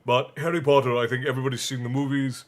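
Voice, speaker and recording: A man reading a bedtime story aloud on a stream and chatting with viewers in a relaxed, chatty manner. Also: mid-range voice, fast talker. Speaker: stream host and reader. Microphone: streaming mic.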